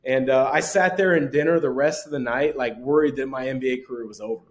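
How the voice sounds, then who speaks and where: Guesting on a podcast, this forty-something ex-pro basketball player spins lively anecdotes with plenty of chuckles. He speaks quickly in a medium-pitched voice, in a casual storytelling mode.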